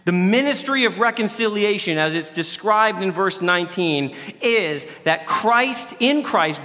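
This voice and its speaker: A man's voice: sits high, animated, measured pace, few pauses, pushed and bright, in a large hall. A man preaching a sermon in a loose, conversational way, often restarting his sentences. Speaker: pastor.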